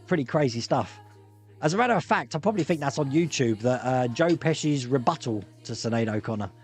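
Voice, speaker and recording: A man hosting a live-streamed pub quiz, jokey and quick to laugh as he reads out multiple-choice options. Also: medium pitch, expressive, soft background music. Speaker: quiz host.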